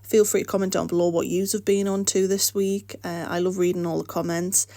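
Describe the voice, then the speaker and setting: A woman's voice: on the low side, little pitch movement, fairly quick, warm tone, no room sound. A rambling woman with a flu-worn voice. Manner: rambling, encouraging. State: coming down with flu, voice going. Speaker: art channel host. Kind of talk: casual voice-over chat. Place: home art studio.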